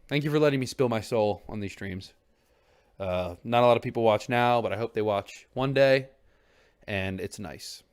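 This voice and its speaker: A young man thinks out loud on his own stream. His talk rambles, circles back with restarts, and is sprinkled with casual swearing. He sounds candid and earnest, as if confiding in whoever is listening. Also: mid-range voice, clean tone. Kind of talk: reflective solo stream chat.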